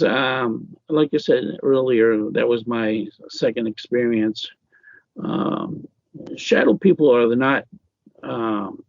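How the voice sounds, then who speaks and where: Man, gravelly, husky, halting personal ghost story, dry muffled recording. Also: mid-range voice, darkish tone, dry recording. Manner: halting storytelling, many fillers and restarts. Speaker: author being interviewed.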